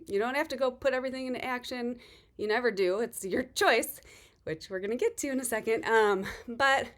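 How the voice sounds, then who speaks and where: A woman's voice: on the high side, fairly quick. A middle-aged woman, a fitness coach, talking earnestly and reassuringly in a casual motivational chat, a little out of breath after a workout. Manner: earnest, reassuring, animated with quoted voices. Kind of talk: casual motivational talk to camera.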